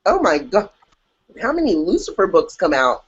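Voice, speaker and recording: A woman co-hosting a podcast in casual chat, animated and jokey, acting out her own reactions. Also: fairly low pitch, normal speed, slightly rough. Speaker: podcast co-host. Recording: dull lo-fi audio.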